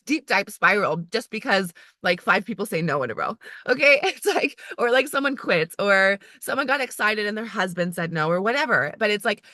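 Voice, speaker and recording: A woman who is an area manager, giving a chatty, emphatic motivational talk to her team, full of "like", and acting out inner voices in a higher pitch. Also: bright, forceful tone, dry recording, studio quality.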